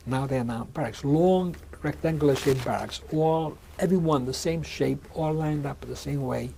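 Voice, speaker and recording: A man in his sixties giving a measured oral history testimony in an interview, often restarting and repeating words as he speaks. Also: on the high side, creaky, dark tone, a little hiss or hum. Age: 60s. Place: museum interview room.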